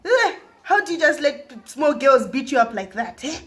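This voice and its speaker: A woman voicing a loud, scolding middle-aged mother, shouting and demanding. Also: extremely high pitch, wildly swooping pitch, takes it slowly, pitched above the performer's own voice, exaggerated voice.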